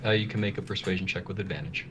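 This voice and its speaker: Hesitant male game master, lower voice, filler-heavy delivery, faint background hiss. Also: steady tone, rapid-fire. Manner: hesitant, many filler words. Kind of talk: narrating a tabletop game.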